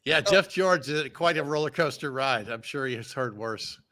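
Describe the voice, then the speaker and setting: A man's voice: medium pitch, animated, normal speed, sharp tone, slight background noise. A man chatting casually about football on a podcast, wry and blunt, often laughing. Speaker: podcast guest. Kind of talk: casual sports chat.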